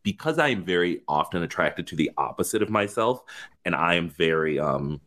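A man co-hosting a podcast in casual chat, talking in an animated, emphatic way with plenty of swearing. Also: low voice, brisk. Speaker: podcast co-host.

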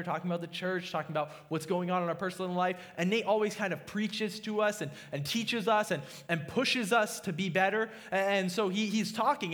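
A man's voice: high-pitched, fairly bright tone. A young man preaching a sermon as a pastor, earnest and confessional, often restarting his sentences.

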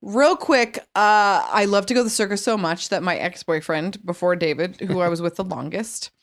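A woman's voice: fairly low pitch, moderate pace. Woman podcast host telling a wild story, acts out everybody's lines, lots of ups and downs. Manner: animated storyteller, acts out quotes. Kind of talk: casual chat, storytelling.

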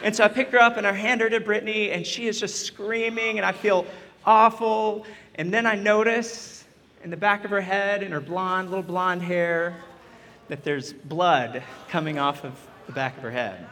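A man's voice: sits high, steady tone, moderate pace, bright, forceful tone. A man in his thirties, a chaplain, telling a self-deprecating story in a chatty, humorous sermon to a retreat audience. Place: church retreat meeting hall. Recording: reverberant hall.

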